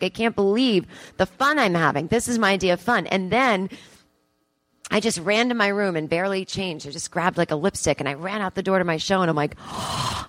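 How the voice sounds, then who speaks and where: A woman comedian telling a story live on stage, self-mocking and animated, acting out her own thoughts. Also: medium pitch, no room sound. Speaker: comedian and podcast host. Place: theatre stage with audience.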